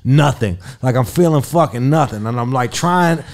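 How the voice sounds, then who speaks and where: A man's voice: medium pitch, moderate pace. A man telling a crude story in casual chat, swearing constantly and acting out quotes in a raised voice. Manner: profane, animated, acts out quotes in a raised voice. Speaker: radio personality and interview guest.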